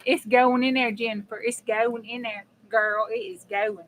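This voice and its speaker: A woman's voice: on the high side, fairly even intonation, normal speed, slight background noise, poor audio. Woman, crafting livestream host; blunt, casual cussing, chats right to viewers. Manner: chatty and blunt, swears casually, talks to viewers. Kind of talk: casual live crafting chat.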